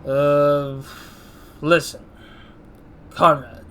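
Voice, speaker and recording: A man's voice: a little high, flat delivery, extremely slow, a bit bright, clear, resonant tone. A man reading the lines of a terse male government agent in a game, in his own plain voice. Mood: urgent.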